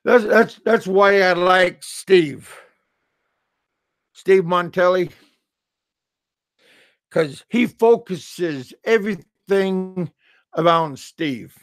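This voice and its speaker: A middle-aged man from the US talks slowly and unhurriedly in a gravelly, slightly raised voice. He stammers, repeats words and chuckles often through a rambling, joking monologue. The sound is dry and close. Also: high-pitched, dry recording. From United States. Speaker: expat vlogger.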